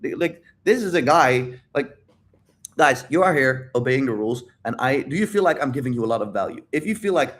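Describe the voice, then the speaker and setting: A man's voice: medium pitch, lively intonation, fairly quick, fairly bright tone. Man, livestream coach, emphatic and repetitive, swears a lot, talks straight to chat. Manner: addresses viewers directly. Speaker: dating and life coach.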